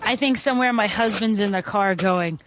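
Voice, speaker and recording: A woman's voice: medium pitch, fairly quick, a little hiss or hum. Chatty woman wrestler on a muffled line. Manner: animated, chatty storyteller. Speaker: wrestler guest. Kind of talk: casual storytelling interview.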